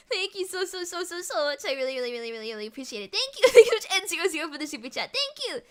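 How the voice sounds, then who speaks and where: Young woman streamer, mixed american-british accent, high bouncy voice, giggly and rapid. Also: sing-song, a bit bright. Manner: rapid, giggly, repeats words. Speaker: VTuber streamer. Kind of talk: casual live-stream chat with viewers.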